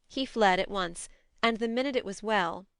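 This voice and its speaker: Brief: audiobook narrator, woman, measured and expressive, resonant tone. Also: medium pitch, clean tone, no echo, studio quality. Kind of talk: scripted narration.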